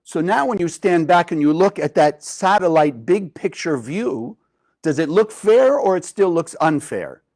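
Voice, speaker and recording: A man's voice: high-pitched, animated, measured pace, darkish tone. A man teaching a spiritual lesson in a conversational, engaging way, telling a parable and asking his listeners questions. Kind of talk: spoken lesson with storytelling.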